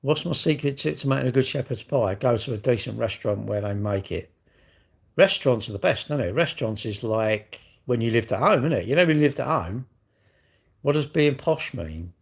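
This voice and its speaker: Husky rambling British man. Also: mid-range voice, expressive, a little fast. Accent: British English. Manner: rambling, chatty, answers viewer questions aloud. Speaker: livestream host answering chat. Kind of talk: casual chat.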